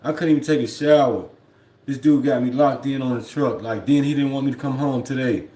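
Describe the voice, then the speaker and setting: A man's voice: medium pitch, fairly even intonation, brisk, mellow, reverberant. A man who drives trucks talks casually on a home livestream, rambling and reflective, often repeating "you know what I mean.". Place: at home, indoors.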